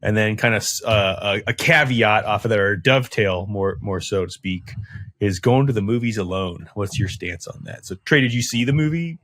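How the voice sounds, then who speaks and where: Bright-voiced man hosting a podcast. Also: lowish voice, normal speed, dry recording, studio quality. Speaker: podcast host. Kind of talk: casual chat.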